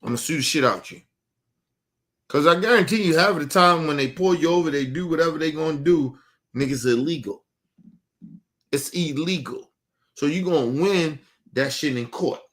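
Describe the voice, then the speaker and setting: A man hosting his own online show delivers a blunt, profanity-heavy rant, talking straight to his viewers. His voice sits a little higher than most men's, and he hammers his points by repeating them insistently. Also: normal speed, long pauses, a bit bright. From Baltimore. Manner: emphatic, blunt, cursing, repeats himself; addresses viewers directly, urging them.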